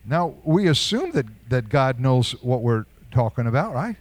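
A man's voice: mid-range voice, big pitch swings, normal speed, few pauses, darkish tone, no echo. An older man preaching a sermon in a conversational way, asking rhetorical questions and chuckling now and then. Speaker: pastor.

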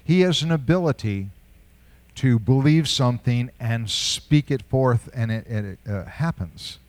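A man's voice: mid-range voice, animated, measured pace, a little mellow, no room sound. An older man preaching a sermon in a conversational way, asking rhetorical questions and chuckling now and then. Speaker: pastor.

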